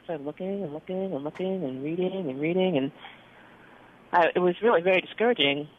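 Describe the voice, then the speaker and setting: A doctor telling a story in an interview, acting out the dialogue with lively expression. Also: mid-range voice, a little fast, slight background noise. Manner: animated, acts out dialogue in quotes. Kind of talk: storytelling in conversation. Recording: phone-like narrow band.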